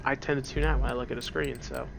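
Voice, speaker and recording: Gravelly man joking through a game. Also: mid-range voice, steady tone, fast talker, fairly bright tone, slight background noise. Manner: playful, joking to himself. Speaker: let's play host. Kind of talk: casual gameplay commentary. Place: dark room at home. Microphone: wearing headphones at the computer.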